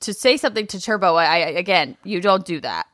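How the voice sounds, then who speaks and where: A woman's voice: fairly low pitch, lively intonation, fast talker, fairly bright tone, no echo, studio quality. A woman co-hosting a podcast, chatting casually and bluntly about a reality show, laughing often. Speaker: podcast co-host.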